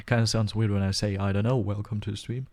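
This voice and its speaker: A man's voice: lowish voice, fairly even intonation, moderate pace, a little mellow. A man live-streaming a game from his home, rambling and joking to his chat with frequent chuckles. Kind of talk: live gaming stream chatter. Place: home room, alone.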